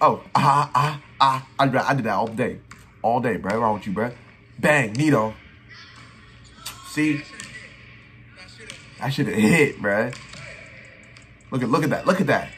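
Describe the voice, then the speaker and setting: A young man giving excited reaction commentary on his old basketball footage, trash-talking and repeating his phrases. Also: medium pitch, unhurried, pauses often. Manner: hype trash talk, repeats phrases, keeps saying "bro". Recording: faint music behind.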